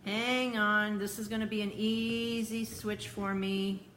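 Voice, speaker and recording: A woman's voice: medium pitch, flat delivery, slow pace, a bit bright, slight background noise. A woman hosting a live cooking stream from her home kitchen, muttering and fretting to her viewers while she struggles to fix her camera. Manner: flustered, muttering to herself while fixing camera. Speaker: cooking show host. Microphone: phone or tablet camera mic.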